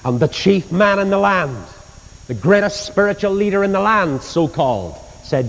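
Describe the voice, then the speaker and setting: A man's voice: expressive, normal speed, creaky, a little hiss or hum. An older man with a Northern Irish accent preaching a sermon, telling Bible stories and acting out the voices in them. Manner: storytelling, acts out quoted voices, rises in pitch for emphasis. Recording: long reverb of a hall.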